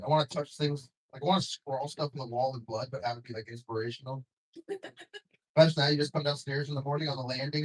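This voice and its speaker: Young male stand-up comic, slightly high voice, dry delivery with chuckles. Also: slightly rough, rough recording. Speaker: stand-up comedian. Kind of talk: stand-up comedy set. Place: comedy club stage with audience.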